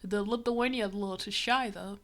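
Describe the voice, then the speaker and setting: A woman's voice: medium pitch, brisk, a bit bright. A woman livestreaming as she reads a comic, giving a rambling, wry running commentary full of fillers. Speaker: livestreamer reading a comic aloud.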